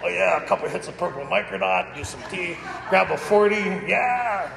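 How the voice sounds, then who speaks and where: At a recovery roundup, a man shares personal stories with an audience, candid and jokey and often laughing. His high voice has lively intonation and some creak at normal speed, and the hall is echoey with long reverb.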